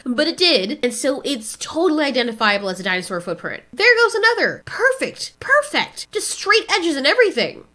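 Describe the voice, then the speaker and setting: A woman's voice: fairly high pitch, bright, forceful tone. Sarcastic woman recapping a movie. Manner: sarcastic, nitpicking. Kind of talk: casual movie recap commentary.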